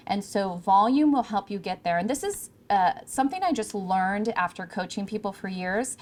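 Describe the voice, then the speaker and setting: A woman from California giving a projected, emphatic talk to an audience of interns on a microphone in an event room. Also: medium pitch. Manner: projected, emphatic coaching delivery. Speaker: speaker. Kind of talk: presentation to interns. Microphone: handheld or podium microphone.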